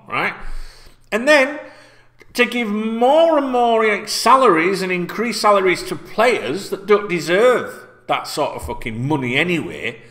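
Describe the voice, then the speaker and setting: Sweary ranting Yorkshireman, animated pitch. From North Yorkshire, England. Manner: sweary, repetitive, heated ranting. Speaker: football fan channel host. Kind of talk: ranting football fan vlog. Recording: echoey room.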